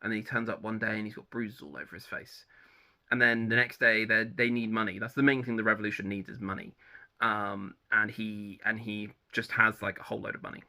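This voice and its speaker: A man's voice: fairly low pitch, fairly even intonation, brisk, vocal fry, pushed and bright. A man giving a chatty, rambling spoken review of short stories, full of ums and restarts. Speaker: book reviewer. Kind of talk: casual spoken book review.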